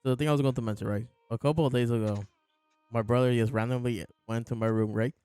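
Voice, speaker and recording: In a clean recording with no room sound, a podcast host breaks down a manga chapter. His mid-range, darkish voice stays fairly even and moves quickly, and his casual talk rambles with many fillers and chuckles.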